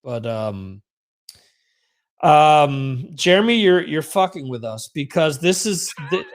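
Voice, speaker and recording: A man's voice: a little high, very animated, slow pace. A middle-aged man hosting a podcast in a rambling, self-mocking casual chat. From United States. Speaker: podcast host.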